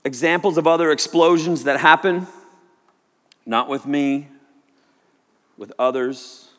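A man preaching a sermon, telling a personal story in an animated way and sometimes shouting quoted lines. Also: a little high, takes it slowly. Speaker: pastor. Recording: long hall reverb.

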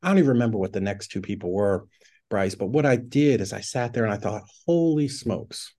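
A man's voice: fairly low pitch, expressive, fast, darkish tone. A middle-aged man, a podcast guest, telling a story in casual conversation, filling his talk with "like" and acting out his own past thoughts. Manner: chatty, peppers speech with "like", acts out his own past thoughts. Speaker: podcast guest, real estate investor.

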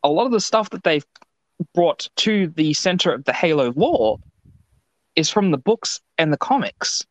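A man's voice: a little high, normal speed, no room sound. A man from Australia, co-hosting a podcast in casual, rambling chat. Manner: rambling, animated storytelling. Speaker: podcast co-host. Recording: dull lo-fi podcast audio.

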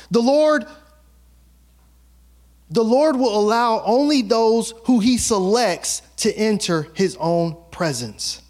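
Lively high-voiced pastor preaching casually. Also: male voice. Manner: conversational, playful, acts out quotes, laughs often. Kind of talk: sermon.

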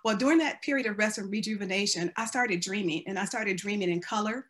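A woman's voice: mid-range voice, fast talker. A middle-aged American woman giving an earnest, faith-filled personal testimony as a cancer survivor. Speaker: cancer survivor sharing her story.

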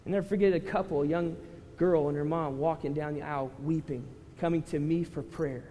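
A male pastor preaching to a congregation, conversational with loud impassioned rises. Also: a little high, fairly even intonation, brisk. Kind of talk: sermon. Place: church hall with congregation. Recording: reverberant hall with faint ambience.

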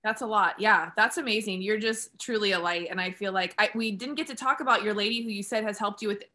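A woman with a bright, clear voice hosts a podcast, chatty and affirming as she steers a casual conversation. She speaks in an easy, relaxed flow. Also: medium pitch, fast talker. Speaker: podcast host.

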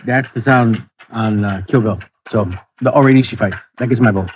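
A man on a podcast panel, telling relaxed stories in casual chat. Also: lowish voice, moderate pace, a little hiss or hum.

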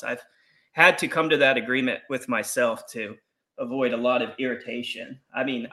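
A man's voice: mid-range voice, pushed and bright. A man joining a panel discussion as a guest, speaking in a wry, sardonic way with dry asides.

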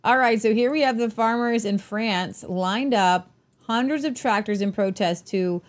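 A woman's voice: fairly high pitch, a little slow. A woman co-hosting a casual news talk show, chatty and tripping over foreign place names. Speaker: co-host.

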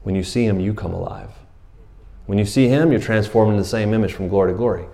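A middle-aged man preaching a sermon, telling a story in a casual, animated way with slang and laughs. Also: lowish voice, fast, vocal fry. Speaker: pastor.

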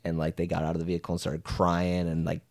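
Young male podcast co-host, lower register, loose rambling storyteller. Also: monotone, fast talker, vocal fry, darkish tone. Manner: rambling anecdotes full of "like", laughing often. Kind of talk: casual chat, storytelling.

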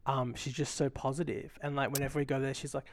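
A man's voice: mid-range voice, little pitch movement, quick pace, no room sound. A young man co-hosting a podcast, dry and teasing in casual chat. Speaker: podcast co-host.

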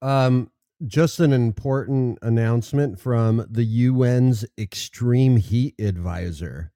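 A man co-hosting a talk show, speaking in a low-key, mumbled manner. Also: slow pace, dark tone, no echo, studio quality. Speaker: news show co-host. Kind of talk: casual chat show banter.

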